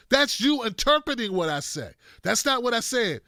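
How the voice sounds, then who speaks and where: A man's voice: very high voice, sing-song, normal speed, hardly any pauses, sharp tone, dry recording, clean studio sound. A man giving blunt, profane political commentary, speaking straight to his viewers with heavy emphasis.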